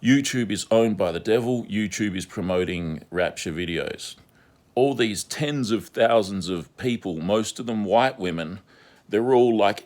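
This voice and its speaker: A man's voice: on the low side, a little mellow. A man delivering a repetitive, insistent monologue as an online commentator. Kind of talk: ranting monologue vlog.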